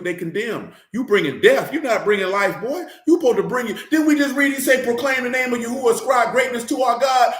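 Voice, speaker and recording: A man's voice: sits high, roomy sound. A man preaching an informal Bible teaching, fiery and slangy, hammering his points with repeated rhetorical questions.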